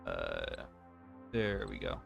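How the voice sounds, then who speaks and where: A man's voice: sits low, wildly swooping pitch, extremely slow, creaky, over music. A man streaming a game, chatting casually and teasing his co-host with dry remarks. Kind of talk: casual chat while gaming.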